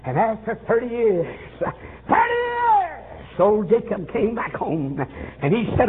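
Fervent preacher on a tinny old tape. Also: male voice, high-pitched. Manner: fervent, swooping preaching with frequent "uh" and shouts. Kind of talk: revival sermon. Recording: tinny phone-like old recording with faint hiss.

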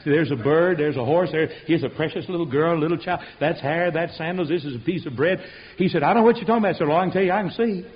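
An older man preaching a sermon, telling folksy stories that swing from quiet asides to loud outbursts. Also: fairly high pitch, fast, husky. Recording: dull lo-fi radio recording.

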